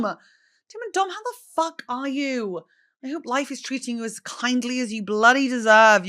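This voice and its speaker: A woman's voice: sits high, bright, forceful tone. A woman hosting a podcast, chatting in a bubbly, playful way. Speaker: podcast host. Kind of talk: casual podcast chat.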